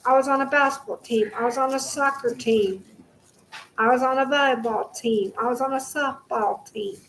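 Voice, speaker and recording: A woman's voice: high voice, moderate pace, a bit bright, a little hiss or hum, low-quality recording. A young woman ranting straight to the camera at home, heated and full of swearing, repeating herself as she goes. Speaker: vlogger. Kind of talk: angry direct-to-camera rant.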